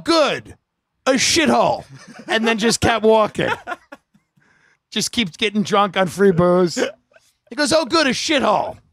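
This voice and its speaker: Casting: comedian host, higher man's voice, dry close sound, rambling storyteller. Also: no room sound. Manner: rambling, animated anecdote telling.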